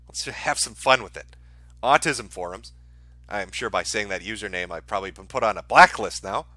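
A man's voice: fairly low pitch, moderate pace, sharp tone, dry recording. A man hosting a live stream, ranting in a profane, heated way. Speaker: streamer host.

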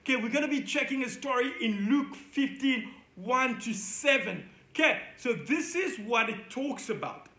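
A man teaching a children's Bible lesson indoors, energetic and playful, leading the kids in call-and-response. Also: extremely high pitch, normal speed, hardly any pauses, echoey room. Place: indoor room.

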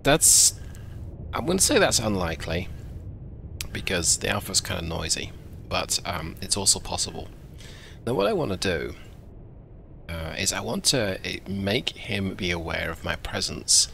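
Gravelly man narrating his gameplay. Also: deep voice, very animated, a little slow, pauses often, pushed and bright, slight background noise. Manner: chatty, self-deprecating, thinks aloud. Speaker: game video host. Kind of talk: casual gameplay commentary.

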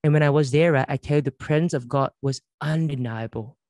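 A man's voice: a little high, fairly quick, darkish tone, no echo, clean studio sound. A man leading a church conference workshop, telling stories in an earnest way and acting out the dialogue. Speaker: church leader giving a workshop. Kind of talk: conference workshop talk with storytelling.

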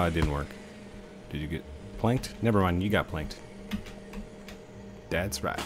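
A man's voice: low-pitched, animated, moderate pace, pauses often, background noise. A man in his thirties giving casual, rambling commentary as he plays a video game, chatting to the objects on screen. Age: 30s. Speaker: let's play host.

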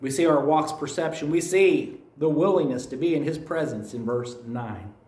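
A slightly high, somewhat mellow male voice at a moderate pace belongs to an American pastor with a Kentucky accent. He preaches a sermon in a church sanctuary, telling folksy stories and repeating phrases, heard from afar in an echoing room.

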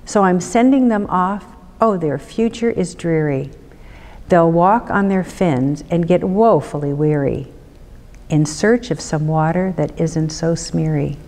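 A woman's voice: lowish voice, unhurried, a little mellow, big-room sound. A woman reading a storybook aloud, voicing a grumpy little male forest creature who scolds in rhyme. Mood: scolding.

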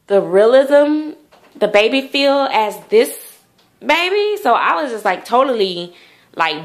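A young adult woman talks straight to her viewers in a loose, rambling vlog chat. Her voice sits a little high, and she keeps circling back with "like" and "you know" as she goes. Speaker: doll collector vlogger. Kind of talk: casual chat to camera.

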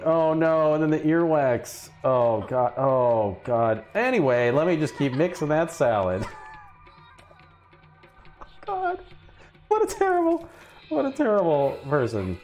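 Guy streaming a game, giggly and chatty, voice jumps all over, talks slow, faint music behind. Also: fairly high pitch, darkish tone. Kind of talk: casual gameplay commentary.

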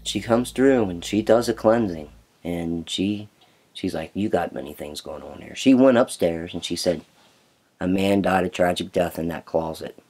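A man's voice: low-pitched, normal speed, slightly rough. A man telling a story about his house in a documentary, acting out the voices and knocking noises he recalls. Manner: animated storyteller, acts out quoted voices and knocking sounds.

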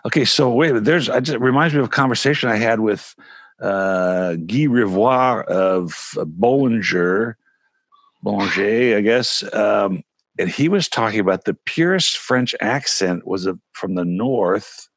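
A man's voice: on the low side, expressive, moderate pace, dry recording. A man hosting an interview, asking rambling, chatty questions. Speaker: host. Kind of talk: casual interview.

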